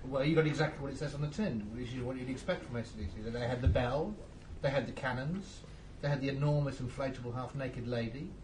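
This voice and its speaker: Man, dry matter-of-fact storytelling, brisk pace, crowd noise behind. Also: medium pitch, rough recording. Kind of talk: casual studio chat.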